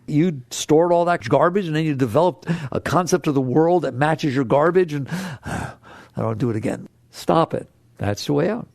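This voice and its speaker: Male spiritual teacher, high gravelly voice, animated and playful, acts out inner voices. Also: moderate pace, no echo, clean studio sound. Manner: animated and playful, swinging from low hushed tones to high excited exclamations. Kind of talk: spiritual talk to an audience.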